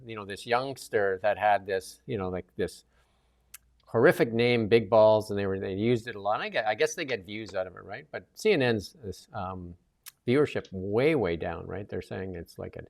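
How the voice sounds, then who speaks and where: A man hosts a loose political chat show. He rambles, backtracks and fills pauses while getting his point out. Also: lowish voice, gravelly. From Canada. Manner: rambling, many restarts and fillers. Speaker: host.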